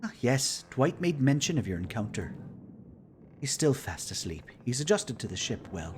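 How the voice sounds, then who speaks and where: A man's voice: mid-range voice, sing-song, normal speed, a little hiss or hum, pitched above the performer's own voice, natural voice. A man doing a proper woman scientist. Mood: reserved.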